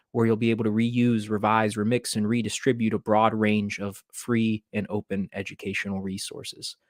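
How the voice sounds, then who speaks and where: A man's voice: medium pitch, dry recording, studio quality. A man who teaches middle school presents a webinar demo, explaining things steadily with the occasional filler. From Maryland, USA.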